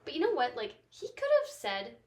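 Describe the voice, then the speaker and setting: A woman's voice: high-pitched, huge pitch swings, moderate pace. A woman co-hosting a podcast in casual chat about a book. She talks in a chatty, opinionated way with frequent "like" fillers. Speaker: podcast co-host.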